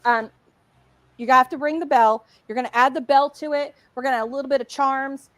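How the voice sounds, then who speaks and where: A middle-aged woman hosting a casual craft livestream, chatty and excitable as she demonstrates while talking. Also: sits high, fairly quick, no room sound.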